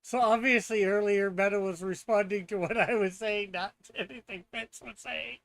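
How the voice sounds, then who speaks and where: A man's voice: sits high, fairly even intonation, moderate pace, a bit bright. A man hosting a casual live stream, reading chat aloud and laughing often. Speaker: streamer host.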